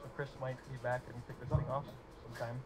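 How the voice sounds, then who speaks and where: A man's voice: medium pitch, little pitch movement, quick pace, over music. A man co-hosting a live stream who jokes and banters casually, laughing often. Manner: joking, chatty, laughs often. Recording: noisy live stream audio.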